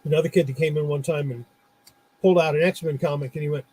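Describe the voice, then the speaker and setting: A man's voice: on the high side, fairly even intonation, fast, mellow, husky, poor audio. A middle-aged man, a former comic shop owner, chatting casually and telling anecdotes with frequent laughs. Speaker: comic shop owner turned podcast host. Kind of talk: casual storytelling chat.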